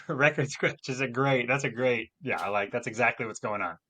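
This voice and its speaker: Bright-voiced man teaching animatedly. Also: medium pitch, normal speed, husky. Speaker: Bible teacher co-host. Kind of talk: casual teaching discussion.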